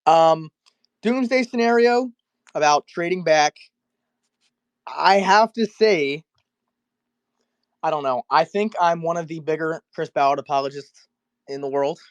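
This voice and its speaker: A man calling in to a fan discussion, speaking in a measured, analytical way with soft fillers. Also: on the high side, clean tone, no room sound, dull audio. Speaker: caller, fan content creator. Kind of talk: casual call-in discussion.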